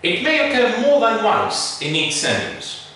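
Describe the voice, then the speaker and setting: A man teaching an English pronunciation lesson, modeling words slowly and emphatically. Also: sits high, wildly swooping pitch, pushed and bright, far from the mic, a little hiss or hum. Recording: echoey room, voice off-mic.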